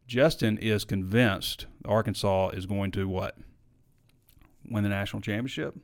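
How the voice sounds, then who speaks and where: A man's voice: fairly low pitch, a little slow. A man hosting a live sports talk show, chatting casually and opinionated, reading viewer comments and arguing back. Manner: opinionated, conversational, frequent fillers.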